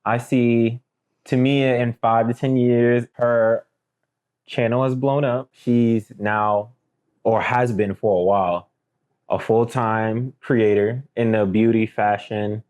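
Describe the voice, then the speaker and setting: A man's voice: medium pitch, steady tone, slow pace, a little mellow. A young man co-hosting a casual podcast, laid-back and joking. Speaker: podcast co-host. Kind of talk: casual chat.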